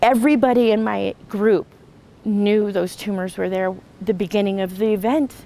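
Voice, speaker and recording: A woman's voice: medium pitch, fairly even intonation, moderate pace, warm tone, a little hiss or hum, poor audio. A woman sharing an emotional personal testimony, earnest and full of restarts and fillers. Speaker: retreat participant sharing a testimony.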